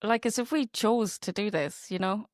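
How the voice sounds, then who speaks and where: A woman's voice: medium pitch, normal speed, dry recording, studio quality. A woman co-hosting a casual podcast, chiming in with incredulous agreement and short laughs. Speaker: podcast co-host.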